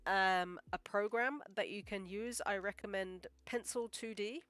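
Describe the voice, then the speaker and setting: Her voice is medium-pitched, a little slow and a bit bright, clear and resonant with no room sound. She's an animator live-streaming her drawing, chatting casually in a rambling way full of "like" and "um," modest and encouraging throughout.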